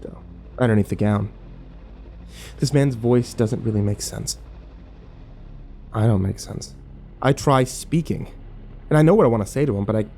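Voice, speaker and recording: Measured male horror narrator, warm low tone. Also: slight background noise.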